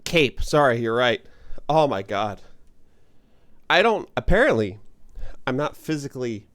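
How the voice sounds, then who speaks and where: Rambling male streamer, lively pitch. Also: measured pace. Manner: rambling, self-deprecating, chats with viewers. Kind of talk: casual gaming stream chat.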